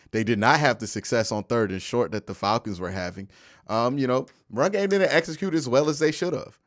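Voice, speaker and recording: Animated young man ranting on a livestream. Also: medium pitch, no echo, studio quality. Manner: animated, argumentative, reads and answers viewer chat. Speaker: host of a live football post-game stream. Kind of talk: casual live-stream commentary.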